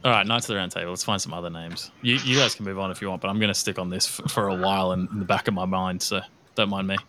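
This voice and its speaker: A man's voice: sits low, fairly even intonation, very fast, background noise. A man co-hosting a casual podcast chat, rambling and looking things up as he talks. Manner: rambling, looks things up aloud. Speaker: podcast co-host.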